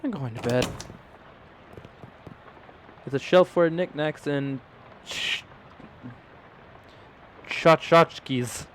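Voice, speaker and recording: Speaking extremely slowly with long pauses, a fairly high-pitched gaming YouTuber reads a video game's dialogue aloud in mock old English. Between lines of his let's play commentary he jokes and swears, with slight background noise present.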